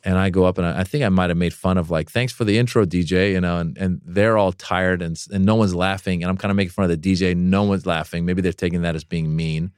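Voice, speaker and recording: A man, a comedian, telling a long story in a casual interview. He talks in an animated way and acts out other people's voices with big jumps in pitch. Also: quick pace, hardly any pauses, clear, resonant tone, dry recording, clean studio sound. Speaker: comedian guest.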